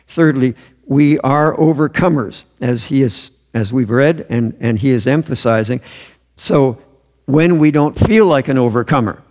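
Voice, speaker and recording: A man's voice: medium pitch, a little mellow. Earnest man preaching in a reverberant hall. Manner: earnest, emphatic, repeats key phrases. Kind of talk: sermon. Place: church.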